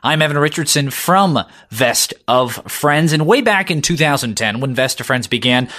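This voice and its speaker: A man's voice: fairly high pitch, lively intonation, moderate pace, bright, forceful tone. An upbeat man opens a comedy podcast with an earnest introduction. His voice sits a little above the usual for a man. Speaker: podcast host.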